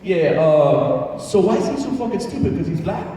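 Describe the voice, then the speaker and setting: A man's voice: sits high, lively intonation, moderate pace, pitched above the performer's own voice. Brief: a man putting on a hulking, profane barroom bruiser with a raised, brash voice, heard from a distance across an echoey hall. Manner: swaggering, profane, loud. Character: big brash intimidating male bar patron.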